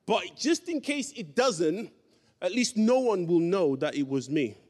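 A preacher with a high voice for a man delivers a sermon in a church hall. He tells his story with emphasis, acting out each voice in the dialogue. A long reverb trails every phrase. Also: very animated, a little slow, a little mellow.

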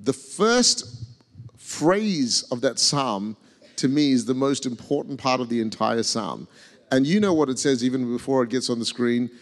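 A man's voice: mid-range voice, expressive, unhurried. A man preaching a sermon as guest speaker, emphatic and leading the congregation in call and response. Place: large church hall with balcony. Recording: long church-hall reverb.

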